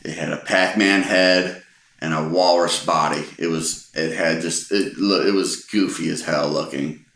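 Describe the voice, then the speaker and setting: A man in his forties casually telling a funny personal story, relaxed and amused, often restarting his sentences. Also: sits low, measured pace. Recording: roomy echo.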